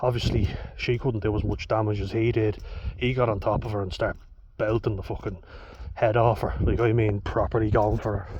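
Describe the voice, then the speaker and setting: Blunt, sweary Irish lad. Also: male voice, fairly low pitch, level tone, brisk, hardly any pauses, a little mellow. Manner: blunt, sweary, laughs between lines. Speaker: vlogger. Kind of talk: casual storytelling monologue. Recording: dull lo-fi with faint hiss.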